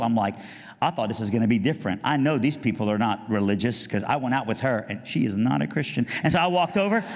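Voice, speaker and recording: A man giving a sermon testimony, telling his story and building to fervent preaching. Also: mid-range voice. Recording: long hall reverb.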